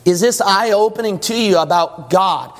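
Male preacher, high voice, emphatic delivery full of questions to the congregation, long hall reverb. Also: animated, unhurried. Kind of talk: sermon.

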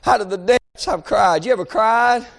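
Male preacher, very high voice, fervent sermon delivery that swells into shouts, peppered with amens. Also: normal speed, gravelly. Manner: calls out "amen" and "hey" between phrases.

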